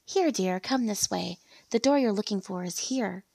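A woman voicing a frail elderly woman who keeps an old museum, with a weak voice and slow, drawn-out speech. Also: mid-range voice, vocal fry, warm tone, dry recording. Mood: gentle.

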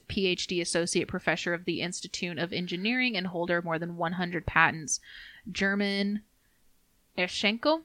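A woman co-hosting a podcast, reading research notes in a steady, casual way and stumbling over foreign names. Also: lowish voice, no echo. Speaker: podcast co-host.

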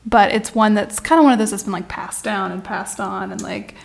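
Young woman, casual podcast host, gravelly fry, mid pitch, chatty, many fillers. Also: fairly even intonation, a little fast. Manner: chatty, filler-heavy, trailing off.

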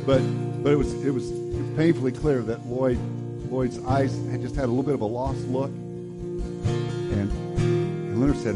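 A man preaching a sermon and telling a story, often restarting his words and swinging between loud and hushed delivery. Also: medium pitch, fairly even intonation, normal speed, over loud music. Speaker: pastor.

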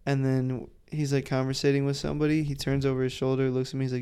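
A man co-hosting a podcast, telling a story in a casual, profane way and acting out the quotes loudly. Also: medium pitch, flat delivery, rapid-fire, few pauses, clear, resonant tone. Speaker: podcast co-host.

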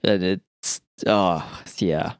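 A man's voice: deep voice, fairly even intonation, drawn-out words, clean tone, no echo, studio quality. A man hosting a podcast, chatting casually with profane, emphatic opinions. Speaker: podcast host. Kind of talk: casual chat.

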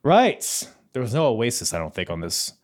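A man's voice: fairly low pitch, animated, fast. A man hosting a casual wrestling podcast, talking in laid-back banter and laughing often. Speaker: podcast host.

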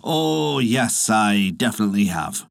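A man's voice: fairly low pitch, lively intonation, vocal fry, dry recording, studio quality. Man doing a sly old soldier trickster. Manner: slow, unhurried, sly.

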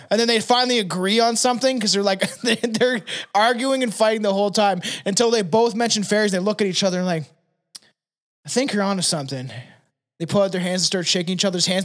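High-voiced man, laughing and swearing. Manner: laughs often, swears, animated storytelling. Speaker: podcast co-host. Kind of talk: casual chat.

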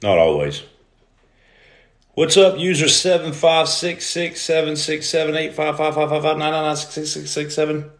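A man in his forties hosting a casual live stream, greeting viewers by name and breaking into loud outbursts. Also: fairly high pitch, moderate pace. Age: 40s. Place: room at home. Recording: echoey room.

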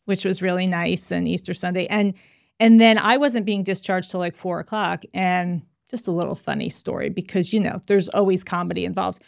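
A woman hosting a podcast, chatting casually and telling stories with lively acted-out quotes. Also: fairly low pitch, moderate pace, vocal fry, dry recording, clean studio sound. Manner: animated storytelling, acts out quoted voices. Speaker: podcast host. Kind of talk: casual chat.

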